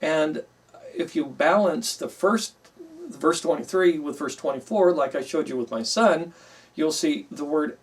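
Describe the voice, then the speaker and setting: Middle-aged male teacher, conversational, a bit high, mic some distance off. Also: unhurried. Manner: conversational, with many fillers, emphatic in acted quotes. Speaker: Bible class teacher. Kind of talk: classroom teaching, explaining with a story.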